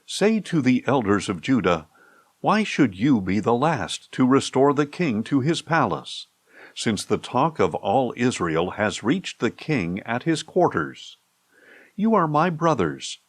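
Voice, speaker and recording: A man narrating a scripture audiobook in a slow, measured, expressive reading. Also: medium pitch, no echo.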